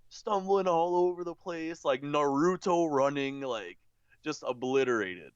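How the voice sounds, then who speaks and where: A man's voice: on the high side, lively intonation, measured pace, clean tone, no room sound, dull audio. A young man telling a long rambling story in casual chat, swearing freely and saying "like" over and over. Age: young adult. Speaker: podcast co-host.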